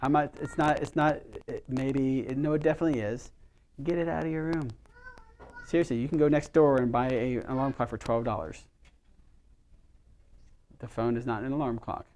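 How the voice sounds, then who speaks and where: A man's voice: mid-range voice, steady tone, normal speed, pauses often, darkish tone. Chatty middle-aged man leading a workshop. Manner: chatty, storytelling, asks the audience questions. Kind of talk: casual workshop talk to a small group.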